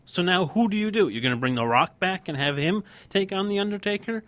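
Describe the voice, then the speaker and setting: A man's voice: high voice, expressive, a little fast, fairly bright tone, dry recording. A man co-hosting a casual wrestling podcast, talking in a heated, emphatic rant. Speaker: podcast co-host.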